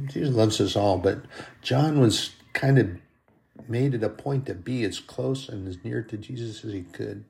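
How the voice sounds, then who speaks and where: A man's voice: lowish voice, gravelly, dark tone. A man preaching a sermon as a pastor, earnest and fond of repeating phrases for emphasis. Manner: earnest, repetitive preaching cadence.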